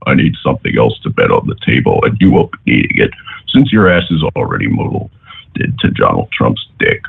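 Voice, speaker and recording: A man calling in on a phone line and voicing a gloomy, crude male donkey in a slow, droning impression. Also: very deep voice, sing-song, vocal fry, husky, exaggerated voice. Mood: mocking. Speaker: caller.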